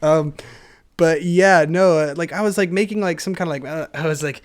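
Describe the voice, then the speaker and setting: A young man hosting a solo podcast, rambling in a self-deprecating, energetic way and laughing often. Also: fairly high pitch, quick pace. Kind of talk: rambling casual monologue.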